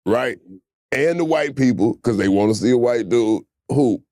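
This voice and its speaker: Dude riffing on a comedy show, laid-back mellow voice, dry close sound, cussing a lot. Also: male voice, medium pitch, normal speed, dry recording. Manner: loose, profane, animated riffing.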